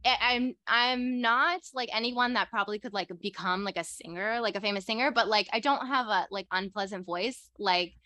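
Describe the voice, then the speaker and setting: Bright-voiced young woman, excitable storyteller. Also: medium pitch, moderate pace, hardly any pauses, no echo. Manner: excitable, heavy use of "like" fillers. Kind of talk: casual conversational storytelling.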